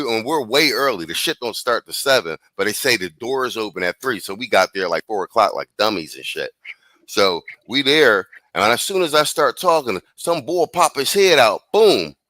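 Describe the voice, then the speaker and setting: A man telling a story on a casual podcast stream, full of slang, laughs and quick restarts. His voice is bright and forceful, and it sits close and dry with no room around it. He talks at a middle pitch. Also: no room sound. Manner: animated, slangy, laughs often, restarts lines. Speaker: podcast host. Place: live stream from abroad.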